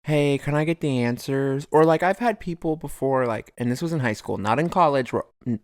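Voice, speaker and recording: A man's voice: mid-range voice, brisk, a little mellow, no echo, studio quality. A young man co-hosting a podcast, talking loosely with many fillers and acting out the people he quotes. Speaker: podcast co-host. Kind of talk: casual chat.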